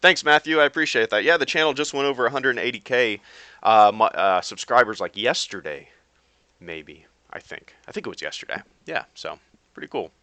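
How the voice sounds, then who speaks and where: A man's voice: medium pitch, animated, brisk, sharp tone, no echo. A man chatting casually with viewers on a live stream while he plays a game, rambling with lots of fillers and restarts. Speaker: YouTube streamer.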